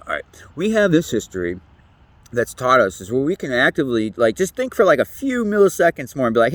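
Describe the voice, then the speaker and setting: Podcast host, male, lively pitch swings, dry close sound, profane rambling monologue. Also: brisk, no echo. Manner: rambling, profane, laughs often. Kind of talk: casual monologue.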